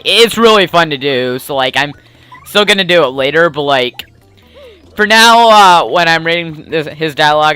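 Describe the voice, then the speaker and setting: A man's voice: fairly high pitch, pushed and bright, clean tone, no echo. A young man casually chatting during a game let's play, with lots of "like" and loose, rambly phrasing. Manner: rambly, filler-heavy, repeats "like".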